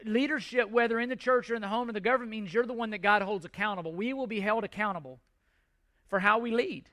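A male pastor preaching a sermon, emphatic and repetitive, with measured pauses. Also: high voice, pushed and bright.

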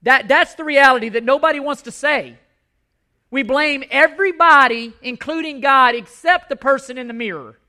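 A man's voice: extremely high pitch, normal speed, pushed and bright. A male pastor preaching a sermon, impassioned and emphatic, repeating his key points.

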